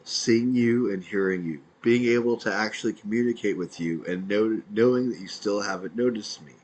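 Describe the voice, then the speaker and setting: A man's voice: on the low side, rough recording. A man, an independent podcaster, reading out his own messages in a dry, matter-of-fact way.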